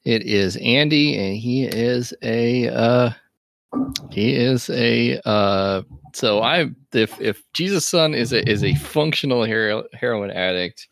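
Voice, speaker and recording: A man player in a tabletop roleplaying game, halting and thinking aloud as he sets a scene. The recording is close and dry with no room sound. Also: mid-range voice, vocal fry, no room sound.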